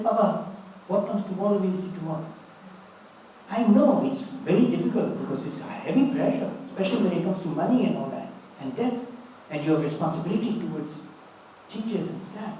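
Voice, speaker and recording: Elderly man in his eighties, warm fatherly speaker, high soft voice, far from the mic in a roomy hall. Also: slight background noise. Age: 80s. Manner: storytelling, fatherly and earnest. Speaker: speaker giving a talk. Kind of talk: motivational spiritual talk. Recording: roomy, distant mic with faint ambience.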